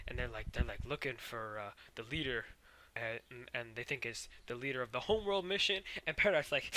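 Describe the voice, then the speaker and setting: Rambling, foul-mouthed man with a bright voice. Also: mid-range voice, moderate pace. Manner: rambling, swears a lot, full of fillers and sound effects. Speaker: show recapper. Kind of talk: casual cartoon episode recap.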